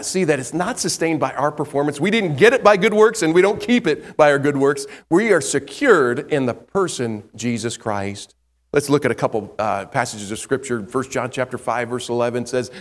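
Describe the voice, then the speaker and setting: A man preaching a sermon, building emphasis with rising pitch and volume and repeating words to drive points home. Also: expressive, moderate pace. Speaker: pastor. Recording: long hall reverb.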